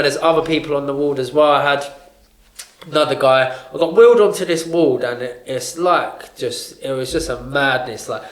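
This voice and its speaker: A young man, a podcast co-host, telling a story in casual chat, full of "like" and acting out what others said. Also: mid-range voice. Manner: animated, heavy on fillers, acts out what others said. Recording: roomy echo.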